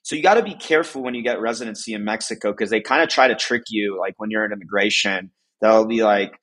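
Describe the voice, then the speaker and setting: A man's voice: lowish voice, quick pace, a bit bright. A man from the United States chatting casually as a podcast guest, rambling with lots of fillers and frequent laughs.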